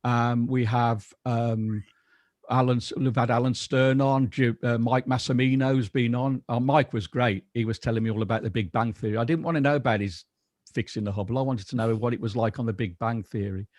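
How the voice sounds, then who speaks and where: Guy on a video call just chatting, keeps restarting sentences, dry close sound, mid-pitched. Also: steady tone, fairly quick, a little mellow, dry recording. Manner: rambling, with many restarts and fillers. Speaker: guest, astronomy radio station founder. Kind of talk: casual video call chat.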